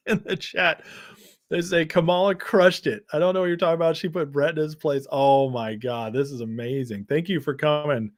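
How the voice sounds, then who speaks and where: A man's voice: fairly high pitch, normal speed, no echo, clean studio sound. An American man hosting a live stream, reacting to clips and the chat with laughing, sarcastic commentary. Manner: mocking, laughing, sarcastic asides. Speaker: streamer host.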